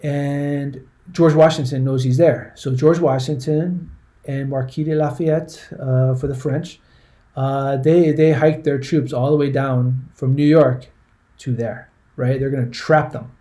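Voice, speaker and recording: A history teacher gives a classroom lecture in a conversational way, often restarting words and checking in with "right?" His voice is medium-pitched and mellow, with fairly even intonation and an unhurried pace.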